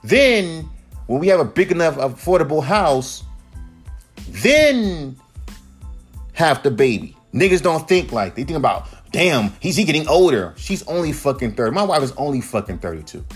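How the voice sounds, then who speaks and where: A man in his thirties, a podcast host, ranting in a casual monologue that is profane, heated and animated. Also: on the high side, moderate pace, breathy edge, faint music behind. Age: 30s.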